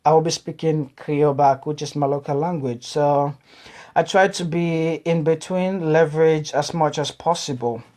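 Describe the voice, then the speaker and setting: A woman with an African English accent recounts her experiences in an interview, her voice sitting low with a warm, mellow tone. She talks casually and animatedly, often repeating words and restarting phrases. When she acts out what others said, her pitch leaps high. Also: normal speed. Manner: animated, acts out quoted reactions with big pitch jumps. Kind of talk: casual personal account.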